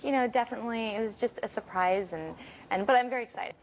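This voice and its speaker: Brief: thirtyish actress on a talk show, laughing, filler-heavy chat, slight room noise. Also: female voice, a little high, quick pace, rough recording. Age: 30s. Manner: giggly, chatty with fillers. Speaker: actress guest. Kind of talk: casual interview chat.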